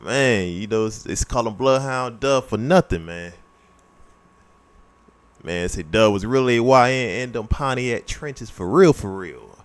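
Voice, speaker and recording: A man's voice: mid-range voice, animated, a little slow, clear, resonant tone. A man hosting a reaction video, talking in loose, slangy casual commentary and filling with "man.". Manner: laid-back slangy talk, fills with "man". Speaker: reaction host.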